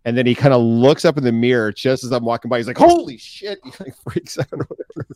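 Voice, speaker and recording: A man's voice: medium pitch, fast, no room sound, clean studio sound. A middle-aged man co-hosting a podcast, telling stories in casual chat and acting out the voices. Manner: animated storyteller, acts out voices in anecdotes. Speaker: podcast co-host.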